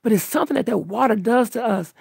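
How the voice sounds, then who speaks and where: A woman's voice: a little high, fast, creaky, darkish tone, husky, dry recording, clean studio sound. A woman hosting a livestream, chatting casually with viewers in a meandering way, full of restarts and fillers. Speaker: livestream host answering viewers. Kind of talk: casual rambling chat.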